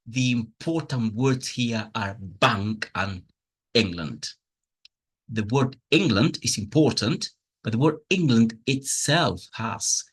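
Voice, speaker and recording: A man explaining pronunciation over slides, unhurried and patient. His voice sits a little low and has a husky edge. He is openly enthusiastic about teaching. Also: a bit bright. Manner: slow, patient explaining with spoken examples. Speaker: English teacher.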